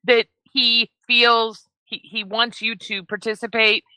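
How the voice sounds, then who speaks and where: Patient woman with a bright, dry voice. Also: a little high, slow pace, smooth, no room sound, poor audio. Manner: calm, patient, coaxing. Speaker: mediating friend on stream. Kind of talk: live stream group call.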